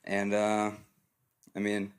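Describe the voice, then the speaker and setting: A man's voice: fairly low pitch, completely flat delivery, slow pace, smooth. A man, a fighter, recounting trash talk in a brash, crude way with laughs.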